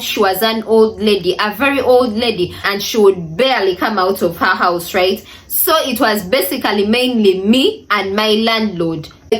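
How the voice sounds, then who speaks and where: A young woman telling a storytime vlog to her viewers, animated and indignant, repeating phrases for emphasis. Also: a little high. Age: young adult. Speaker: vlogger.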